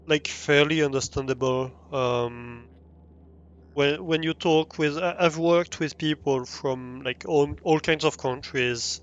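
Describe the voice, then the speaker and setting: A man with a French accent chats casually while livestreaming a game, his voice fairly high and bright on a lo-fi recording. He rambles with frequent restarts and ums, and laughs easily.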